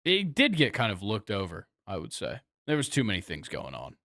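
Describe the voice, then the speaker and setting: A young man co-hosting a casual sports podcast, laid-back and quick to laugh, trailing off with fillers as he thinks. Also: lowish voice, huge pitch swings, creaky, fairly bright tone, dry recording, studio quality. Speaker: podcast co-host.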